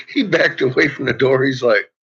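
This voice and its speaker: A man's voice: vocal fry, breathy edge. Profane laughing man, lo-fi home vlog. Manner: profane, laughs often, swings between low mutter and loud shouts. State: uses bottled oxygen. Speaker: vlogger. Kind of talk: casual rambling monologue. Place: at home with a dog. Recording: dull lo-fi home recording.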